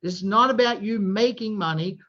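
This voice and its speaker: High-voiced older man pitching. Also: a little fast. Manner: energetic and persuasive, repeatedly asking "right?". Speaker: host of a sales presentation call. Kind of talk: salesy pitch on a group video call. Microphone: video call. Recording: dull lo-fi video call audio.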